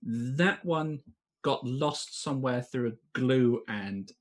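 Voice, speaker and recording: A man's voice: medium pitch, slow. A man doing a mocking goblin robber. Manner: mocking, blunt threats. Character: menacing male goblin toll robber.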